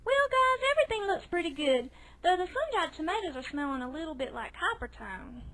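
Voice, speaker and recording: A woman's voice: extremely high pitch, sing-song, a little fast, sharp tone, full character voice, rough recording. A woman voicing a cheerful cartoon young woman in a put-on Southern accent. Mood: chipper.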